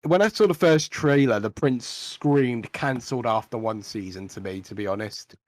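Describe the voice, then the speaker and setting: A man's voice: mid-range voice, normal speed, dry recording. A young man co-hosting a casual podcast, ranting bluntly with plenty of swearing. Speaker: podcast co-host.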